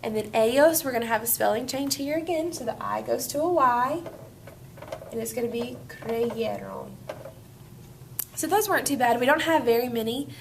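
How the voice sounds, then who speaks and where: A woman's voice: a little high, normal speed, creaky, a little hiss or hum. A woman teaching a Spanish grammar lesson, walking students through each step in an upbeat way.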